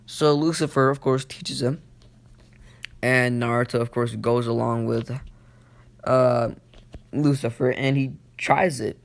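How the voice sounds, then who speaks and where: A man's voice: medium pitch, fairly even intonation, slow, gravelly, long pauses. A man casually retelling a fan story, rambling with many fillers.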